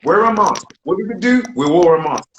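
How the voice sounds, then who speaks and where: A man's voice: high-pitched, lively intonation, brisk. A British man hosting a group discussion, speaking emphatically and asking rhetorical questions. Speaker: discussion host. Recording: roomy with faint noise.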